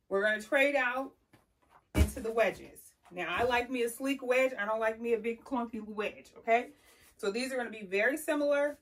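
A sassy, chatty woman talks through a casual tutorial in a fairly high voice. She sounds lively while she walks and demonstrates. She is picked up from a distance, across a carpeted room. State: slightly out of breath. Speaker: style vlogger teaching heel walking.

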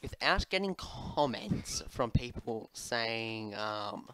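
A man talks over his gameplay at a home desk microphone, answering viewer questions. He drifts along unhurried, with a mid-range voice and plenty of ums and side remarks to his pet. A faint hiss sits under the recording. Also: mid-range voice, expressive, fairly bright tone. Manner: rambling and chatty, with many fillers, asides to his pet. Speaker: Minecraft YouTuber.

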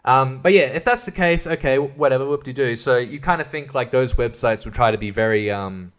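A man's voice: medium pitch, brisk, clear, resonant tone. A man hosting a solo podcast, rambling through a casual, profane rant and laughing at his own jokes. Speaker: podcast host.

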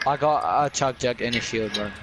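A man's voice: mid-range voice, background noise. A young Australian man with a teasing, swearing manner, bantering with friends on a headset while gaming. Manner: teasing, swearing, rapid back-and-forth. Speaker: gamer on voice chat. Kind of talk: casual banter while playing.

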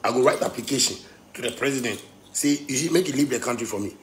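A man from Ghana with a Ghanaian Pidgin English accent, ranting angrily, swinging between shouting and low muttering. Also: fast talker. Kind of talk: angry rant.

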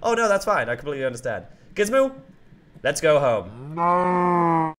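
A man hosting a game roleplay who talks excitably and keeps yelling out names and exclamations. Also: on the high side, a little fast.

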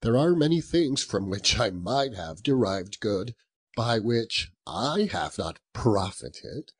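A man voicing a cheerful, earnest young nephew in a storybook reading, pleading with soft laughs. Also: on the low side, sing-song, slow pace, breathy edge, exaggerated voice. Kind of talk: audiobook character voice.

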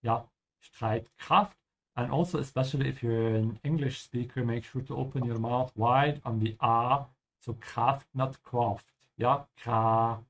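A man hosting a live-streamed lesson, explaining German pronunciation slowly and switching between English and German. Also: mid-range voice, steady tone. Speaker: language teacher and stream host.

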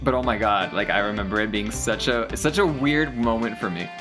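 Rambling, animated let's play gamer. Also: medium pitch, brisk, soft background music. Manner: rambling, animated, self-deprecating. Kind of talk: casual gameplay commentary and storytelling.

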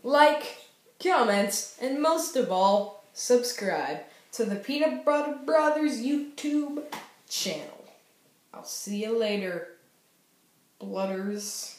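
A woman's voice: mid-range voice, lively intonation, slow, darkish tone, roomy sound. A young woman casually reviewing TV shows in a goofy, playful way, breaking into sing-song cheers. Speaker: YouTube TV show reviewer.

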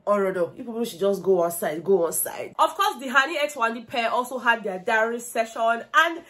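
A young Nigerian woman chats through her reality-show recap with gossipy energy, dropping Pidgin phrases and bursting into loud laughter. Her voice sits a little high. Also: fairly quick. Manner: animated, gossipy, mixes Pidgin slang, laughs loudly. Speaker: vlogger. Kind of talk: casual reality-show commentary.

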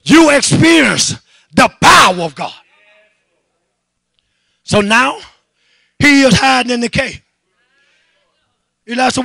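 Pastor, man, very high voice with gravel, fervent shouted sermon, dry close sound. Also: expressive, slow pace, long pauses, no echo. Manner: fervent shouted preaching with repeated "my God" refrains; calls on the congregation to answer back.

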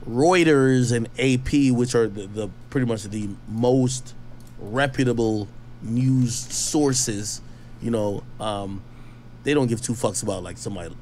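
Reading out news reports, a male online commentator keeps interrupting with casual, doubtful, slangy remarks. He has a medium-pitched, slightly mellow voice, and there's a bit of background noise.

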